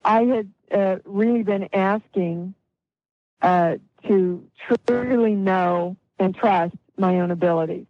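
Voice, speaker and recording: A middle-aged or older woman, a guest healer, telling a story in an interview with animated delivery and acted-out quotes. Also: medium pitch, slow, no echo, lo-fi sound.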